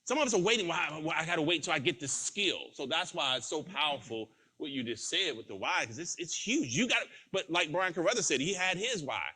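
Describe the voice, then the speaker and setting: Bright-voiced man telling a story. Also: a little high, animated, fairly quick, hardly any pauses, breathy edge. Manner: acts out quoted dialogue. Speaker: motivational sales trainer. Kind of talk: motivational storytelling talk.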